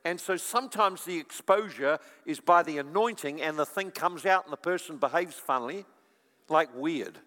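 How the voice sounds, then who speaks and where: A male preacher giving a sermon in an animated storytelling manner, with chuckling asides. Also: a little high, moderate pace. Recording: long reverb of a large hall.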